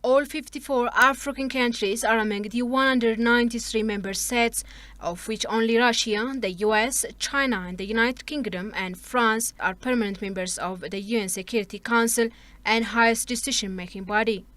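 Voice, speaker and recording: A woman's voice: fairly high pitch, normal speed, dry recording. A female news reporter narrating a formal report. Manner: formal, even.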